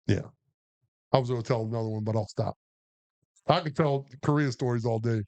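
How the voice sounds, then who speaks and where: A man's voice: medium pitch, brisk. A man and army veteran co-hosting a podcast, telling a profane war story with acted-out quotes. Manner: profane, animated, acts out quotes. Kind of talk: casual storytelling.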